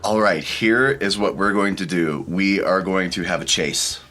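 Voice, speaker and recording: A man narrating scenes and rules as game master of a tabletop game, in a relaxed, descriptive way. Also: low voice, measured pace.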